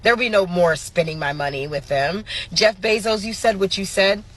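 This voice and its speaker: Husky-voiced woman ranting furiously. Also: medium pitch, moderate pace, fairly bright tone. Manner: furious, profane, emphatic. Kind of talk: angry social media rant.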